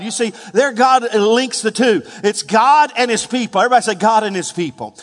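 High-voiced man preaching in a reverberant hall. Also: fairly quick, few pauses. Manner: rises to loud emphatic peaks, calls for congregation responses. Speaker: pastor. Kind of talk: sermon.

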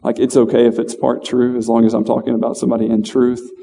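A man giving an informal, conversational sermon in a church, halting with fillers and restarts. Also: medium pitch, level tone, vocal fry, warm tone, big-room sound. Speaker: lay preacher. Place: church hall.

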